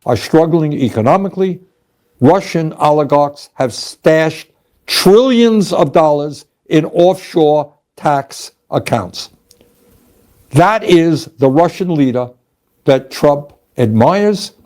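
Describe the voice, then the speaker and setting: A man's voice: fairly high pitch, lively intonation, slow pace, a little mellow. An older man giving a formal, emphatic political speech.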